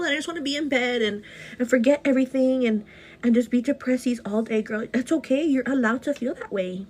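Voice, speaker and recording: A woman's voice: a little high, brisk, darkish tone, rough recording. A young woman, a beauty vlogger, giving a passionate motivational talk at home while doing her makeup, calling the listener "girl" and saying "you know" often. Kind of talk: get-ready-with-me motivational chat. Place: home, indoors.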